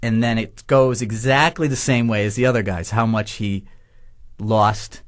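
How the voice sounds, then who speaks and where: A man's voice: lowish voice, moderate pace. A man from Massachusetts, a podcast guest, telling a story casually and acting out the voices of the people in it. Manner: animated, acts out quoted voices, laughs through the story.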